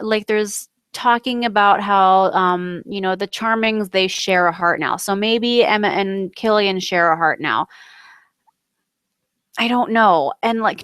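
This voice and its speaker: A young woman from the United States talks through a TV episode in a loose, rambling way, piling on fillers and correcting herself as she goes. Her voice sits at an ordinary pitch for a woman and sounds close and dry, with almost no room sound. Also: dry recording. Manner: rambling and excitable, many fillers and self-corrections. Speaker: vlogger recapping a TV episode. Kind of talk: casual chat.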